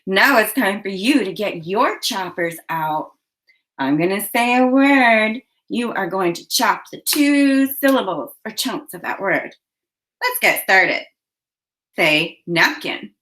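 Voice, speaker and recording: Very slow, animated woman teaching phonics. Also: medium pitch. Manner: slow, clearly enunciated prompts. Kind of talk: phonics lesson for young children.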